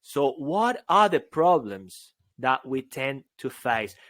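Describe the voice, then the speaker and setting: A man co-hosting a podcast as a public speaking coach, talking in a playful, casual way with sudden excited outbursts. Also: mid-range voice, slow pace, no echo, clean studio sound. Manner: playful, bursts into excited shouts.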